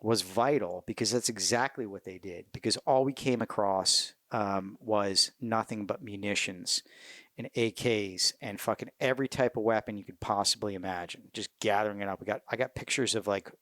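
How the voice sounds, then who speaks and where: A middle-aged man, a military veteran, telling war stories in a casual interview, cursing freely, animated and laughing as he goes. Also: on the low side, moderate pace, no room sound, studio quality. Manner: profane, animated, laughs mid-story.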